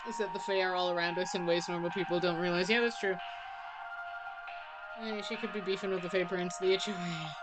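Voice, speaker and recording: A woman's voice: fairly low pitch, steady tone, fairly quick, music in the background, low-quality recording. A young woman streaming a game, chatting casually and rambling with lots of fillers. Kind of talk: casual let's-play commentary.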